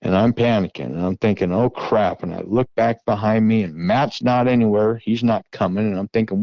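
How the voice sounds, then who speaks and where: A middle-aged man earnestly retelling a tense encounter in the first person, now and then shouting out the calls he made. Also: fairly low pitch, brisk, few pauses, no room sound, poor audio. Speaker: guest recounting an encounter.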